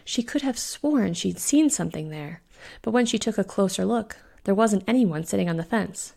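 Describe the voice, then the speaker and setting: A woman who hosts a podcast, narrating her own spooky short story in a measured, suspenseful way. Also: mid-range voice, lively intonation, gravelly, a little mellow. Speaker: podcast host and author reading her story. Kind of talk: audiobook narration.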